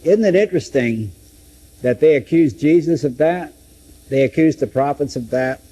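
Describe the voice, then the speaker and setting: A man's voice: fairly high pitch, normal speed, mellow, slightly rough, rough recording. A man teaching through a Bible book, dramatically acting out the quoted speeches. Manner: dramatic, acts out scripture quotes.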